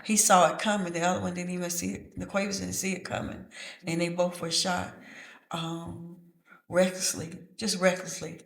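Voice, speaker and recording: A middle-aged grandmother, a guest giving personal testimony in a slow, halting, measured way. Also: on the low side, level tone, gravelly. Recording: echoey room.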